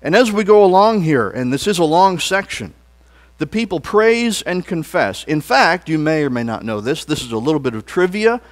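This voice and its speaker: An earnest male pastor preaching from the pulpit. His pitch sits a bit high and swings widely, rising on emphatic words and dropping low and soft at the ends of phrases. He leads the congregation in call-and-response lines. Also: lively intonation, moderate pace. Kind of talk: sermon. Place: church sanctuary.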